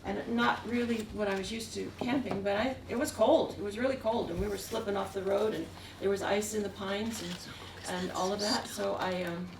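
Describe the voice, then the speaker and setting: A woman's voice: mid-range voice, fairly even intonation, normal speed, few pauses. A woman stands at the front of a museum gallery and tells a long, wandering story about her travels as an artist. She chuckles often as she goes. She is far from the mic, and her voice echoes around the room over a faint hiss. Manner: meandering, with frequent chuckles. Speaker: artist giving a talk. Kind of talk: anecdotal storytelling.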